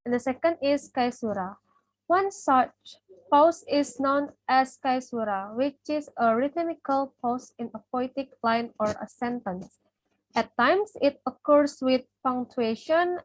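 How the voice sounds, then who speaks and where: A young woman with a high voice reads a class presentation steadily from her notes. She is a student from Indonesia, and her first language is Indonesian. The recording is dry and close, with no room sound. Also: no room sound, poor audio. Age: young adult.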